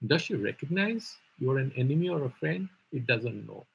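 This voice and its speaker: A male Vedanta teacher, his voice gravelly and very husky at a middle pitch. He explains patiently in a live online class, posing rhetorical questions and circling back over the same terms. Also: very animated, moderate pace, dull audio.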